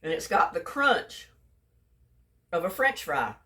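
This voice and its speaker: A woman's voice: fairly low pitch, big pitch swings, takes it slowly, pushed and bright, far from the mic. A woman talking through a home cooking video in a folksy, chatty way, speaking straight to her viewers. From Texas. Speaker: home cook. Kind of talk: casual cooking vlog.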